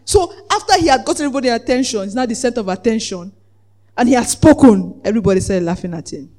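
A preacher giving a lively sermon, acting out the voices in the story, laughing often and asking the congregation whether they follow. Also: medium pitch, fast. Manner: asks the congregation "Are we together?".

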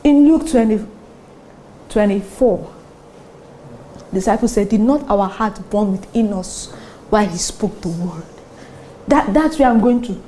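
A Nigerian woman pastor preaching a sermon, animated and often laughing between her points. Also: medium pitch, unhurried, pauses often, a little hiss or hum. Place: church service with congregation responding.

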